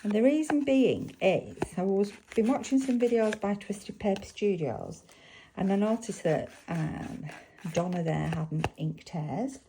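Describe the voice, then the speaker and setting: A woman's voice: medium pitch, lively intonation, a little slow, warm tone, a little hiss or hum, rough recording. A woman with a Lancashire accent chatting casually at her craft table, thinking aloud and asking viewers questions as she works. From England. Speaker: crafting vlogger. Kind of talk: casual chat while crafting.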